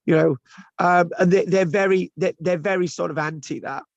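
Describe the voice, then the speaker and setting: With a creaky voice that sits high, a lecturer teaching online speaks at a moderate pace in a steady tone. His delivery is chatty, full of restarts and tag questions, captured in a dull, dry, lo-fi recording.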